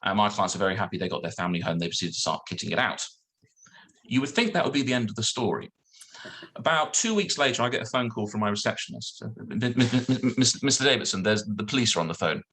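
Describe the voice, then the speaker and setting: A man, a solicitor, telling a lively anecdote on a video call and acting out the other people in it. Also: lowish voice, quick pace. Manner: animated storyteller acting out dialogue. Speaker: guest solicitor.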